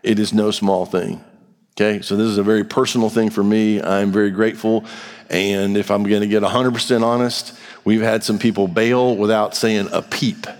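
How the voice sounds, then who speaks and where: A man's voice: on the low side, level tone, normal speed. Blunt male pastor preaching in a hall. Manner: direct, blunt, conversational preaching with rhetorical questions. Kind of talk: sermon. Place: church sanctuary. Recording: long reverb of a large hall.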